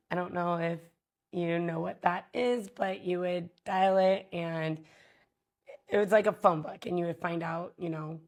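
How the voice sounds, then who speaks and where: A woman vlogger telling a personal story in a candid, halting way, with many pauses and fillers. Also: fairly low pitch.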